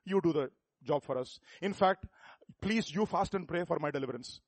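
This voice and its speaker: A man's voice: fairly high pitch, normal speed, dry recording. A man voicing a fawning, falsely humble male churchgoer who pleads meekly. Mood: meek pleading. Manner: meek, pleading, self-abasing.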